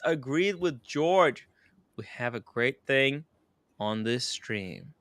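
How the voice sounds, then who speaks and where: A man hosting a casual livestream, excitable and swearing, reacting loudly to what he sees. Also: medium pitch, slow pace, clear, resonant tone, dry recording, clean studio sound. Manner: excitable, swearing, loud outbursts. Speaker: livestream host. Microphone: studio mic.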